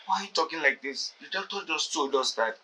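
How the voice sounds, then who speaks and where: A man's voice: a little high, lively intonation, fast talker, sharp tone, distant mic. A man, playing a distressed young friend who speaks in an urgent, agitated way.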